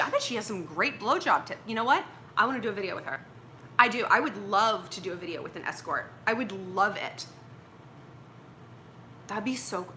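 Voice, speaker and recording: On a casual livestream, a young woman gives dating advice in a blunt, joking way, acting out the lines she quotes. Her bright, lively voice swings between high and low, with faint noise underneath the recording.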